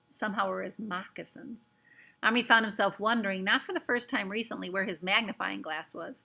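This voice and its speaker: A woman reading a children's book aloud with expressive, lively narration. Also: mid-range voice, vocal fry. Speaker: storyteller.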